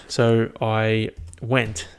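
A young man talks casually into a headphone mic about the highlights of his year. He rambles, swears freely and laughs at his own anecdotes in an unpolished way. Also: monotone, extremely slow, clear, resonant tone. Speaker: vlogger. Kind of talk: casual solo year-review chat.

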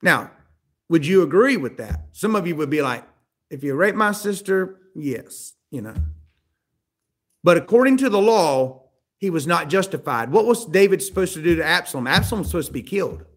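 A man's voice: on the high side, sing-song, a little fast. A man preaching a sermon, asking the listeners questions and acting out the voices of the people in the story. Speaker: pastor.

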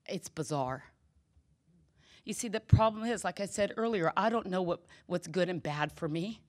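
A woman's voice: lowish voice, animated, moderate pace, darkish tone. A middle-aged woman giving a candid personal testimony at a recovery meeting, telling stories and acting out the quoted dialogue.

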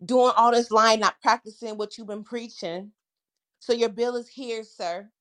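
A woman's voice: fairly high pitch, fairly even intonation, measured pace, a bit bright. A woman performing her spoken-word poem with a rhythmic, punchy delivery. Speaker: guest poet.

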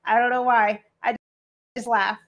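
A woman's voice: on the high side, level tone, measured pace, fairly bright tone, highs cut off. A woman co-hosting a podcast, chatting casually and laughing as she quotes movie lines. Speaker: podcast co-host. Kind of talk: casual movie review chat.

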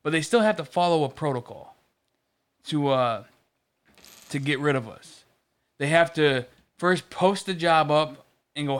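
Man, casual chat, rambling storyteller, swears, smooth clear voice. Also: a little high, a little slow, pauses often. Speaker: podcast co-host.

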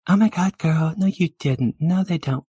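A man's voice: fairly high pitch, moderate pace, warm tone, slightly rough, no room sound, studio quality, pitched above the performer's own voice. A man voicing a gushing, easily shocked young valley girl in improvised comedy, with squealing exclamations. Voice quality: squealing, breathless gasps.

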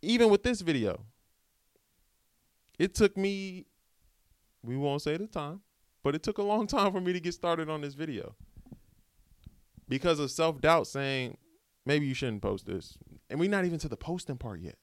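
A man's voice: fairly high pitch, moderate pace, long pauses, clear, resonant tone, no echo, clean studio sound. A man hosting a podcast, giving a casual, rambling motivational monologue in slangy American speech. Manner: animated, rambling, slangy pep talk. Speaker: podcast host.

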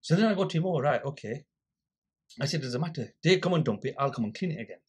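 Casting: man, husky voice, animated anecdote teller who voices both sides of a quarrel. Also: on the high side, fast. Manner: animated storyteller, acts out quoted dialogue. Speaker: guest, volunteer litter picker. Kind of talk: casual storytelling interview.

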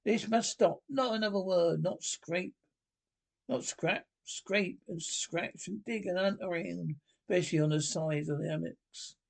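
Man voicing an impatient excitable rat. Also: high voice, creaky, heavily acted. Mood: angry. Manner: eager, quick to scold. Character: excitable male water rat, bossy and impatient. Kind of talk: storybook reading.

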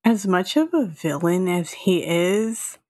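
Lower-voiced woman podcast co-host. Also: slow pace, no echo, studio quality. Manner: relaxed, agreeable, laughs often. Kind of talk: casual chat.

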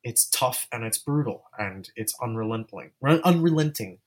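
A man, a filmmaker appearing as an interview guest, talks candidly in a casual chat, rambling and often restarting his sentences. His medium-pitched voice is animated and moderately paced.

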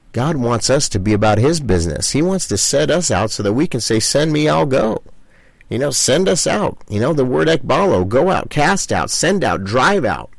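There's no room sound as this middle-aged man, a pastor, delivers a fervent, repetitive sermon aimed directly at the listener. His mid-range voice carries vocal fry, is very animated, and moves at a fairly quick pace.

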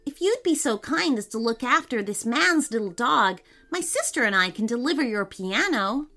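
A woman's voice: fairly high pitch, animated, normal speed, pushed and bright. A woman voicing a polite, thoughtful young boy in a storybook reading. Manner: polite and helpful.

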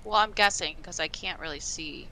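A woman's voice: on the low side, normal speed, pushed and bright, a little hiss or hum, rough recording. A woman playing a tabletop game with friends, talking casually, swearing freely and laughing between lines. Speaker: player. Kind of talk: casual tabletop role-play.

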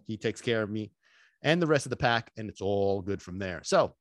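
A man hosting a solo podcast as a dog trainer, talking in an excitable, emphatic way and dropping in Sicilian phrases and casual swearing. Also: fairly low pitch, normal speed, dry recording, clean studio sound. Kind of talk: energetic solo podcast talk.

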